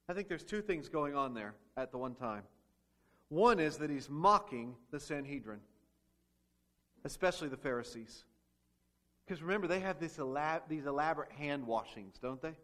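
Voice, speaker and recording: A man's voice: a little high, fairly bright tone. A man preaching a sermon as pastor, asking the congregation rhetorical questions and acting out quoted speech.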